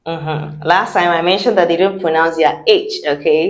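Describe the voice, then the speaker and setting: A woman's voice: on the low side, fairly even intonation, moderate pace, few pauses. A woman teaching French pronunciation, repeating each word several times and encouraging the learners. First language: a language other than French. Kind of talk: pronunciation lesson, drilling words slowly.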